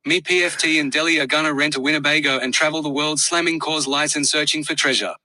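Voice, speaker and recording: A brash Australian golf champion, done by a man in a put-on accent delivers crude, mock-formal thanks. His voice sits slightly high and stays flat in pitch. It is tense and bright, recorded close and dry. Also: fast, dry recording, poor audio. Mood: cheeky. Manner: mock-formal, profane joking speech.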